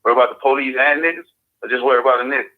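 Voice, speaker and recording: A man's voice: medium pitch, fairly even intonation, racing. A man in casual radio talk, speaking in a loose, profane street manner. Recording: phone-like lo-fi audio.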